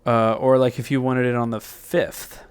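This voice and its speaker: A man hosting a music software tutorial, thinking aloud in a loose, rambling way with plenty of fillers and self-corrections. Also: medium pitch, level tone, moderate pace, noisy background.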